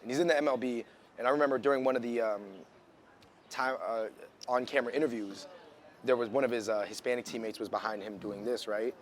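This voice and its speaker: A man's voice: medium pitch, steady tone, quick pace. A man chatting loosely in a casual interview, with many likes and restarts, recorded outside.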